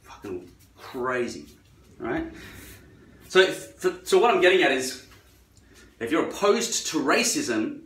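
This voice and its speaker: A man's voice: fairly high pitch, very animated, a little slow, pauses often, a bit bright, far from the mic. Vlogger, male, sarcastic foul-mouthed rambler, recorded off-mic in a roomy space. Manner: profane, sarcastic ranting. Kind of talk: rambling monologue while trimming hair. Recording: roomy echo, away from the mic.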